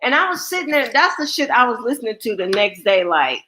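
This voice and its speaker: A young adult woman hosts a livestream, casually chatting and telling blunt, profane stories in which she acts out the people involved. Her voice is fairly high, very animated and fairly quick, with a bright, forceful tone.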